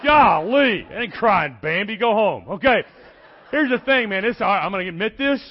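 A middle-aged man, preaching an energetic, folksy sermon in a church and joking with the congregation. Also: high voice, normal speed, lo-fi sound. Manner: folksy, animated, joking with the crowd.

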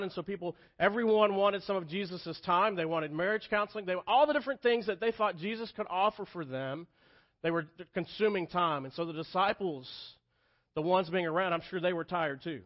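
A man in his thirties preaching a sermon as pastor, telling the story earnestly and dropping soft and quiet for tender moments. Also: sits high, lo-fi sound. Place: church sanctuary.

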